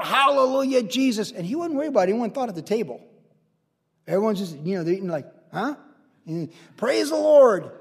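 A man preaching a casual verse-by-verse sermon, chatty and animated, acting out the people in his stories. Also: high-pitched. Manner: chatty, animated storytelling with acted-out quotes. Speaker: pastor. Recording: long reverb of a large church hall.

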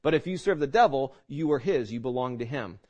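A man's voice: mid-range voice, animated, fairly quick, a little mellow, highs cut off. A man preaching a conversational sermon, full of rhetorical questions, restarts and asides to his listeners. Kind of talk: sermon teaching.

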